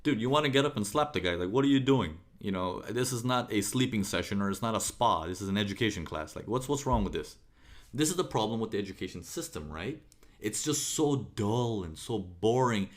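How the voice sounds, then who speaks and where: Guy doing a motivational talk, kinda low voice, energetic, gets suddenly loud sometimes. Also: a little fast. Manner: energetic, sudden jumps in volume, asks "okay?" often. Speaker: motivational speaker.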